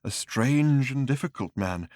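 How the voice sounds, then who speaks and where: A man voicing a half-mad, elderly male journalist in an audiobook, agitated and halting, repeating himself. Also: medium pitch, lively intonation, darkish tone, no room sound, studio quality, close to an everyday voice.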